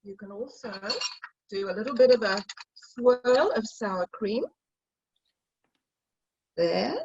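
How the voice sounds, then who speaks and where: Middle-aged woman, cooking demo host on a video call: chatty storyteller, slightly high, husky, dry and dull line. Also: takes it slowly, a little mellow, no room sound. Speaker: cooking demonstrator.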